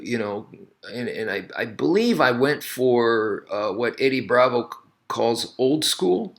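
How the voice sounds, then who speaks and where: A man's voice: mid-range voice, a bit bright. A man casually telling a story to camera, rambling and correcting himself often with lots of "you know" asides. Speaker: martial arts instructor.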